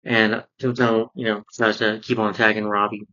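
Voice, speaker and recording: A man with a fairly low voice walks through a cartoon episode in a loose, rambling recap, leaning on "you know" and restarting his sentences. The sound is dull and lo-fi. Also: little pitch movement, moderate pace, pushed and bright. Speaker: cartoon reviewer. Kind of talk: casual spoken review.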